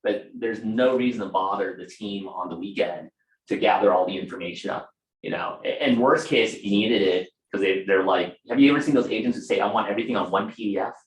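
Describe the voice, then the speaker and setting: A man's voice: on the low side, brisk, echoey room, rough recording. A man running a casual real estate training session for a small group, talking conversationally with fillers and asides.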